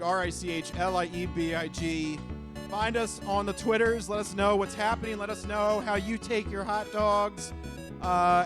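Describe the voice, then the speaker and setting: Male podcast co-host, high voice, jokey and laughing, loose casual patter, music under him. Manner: jokey, laughs often, rambling restarts. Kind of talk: casual chat.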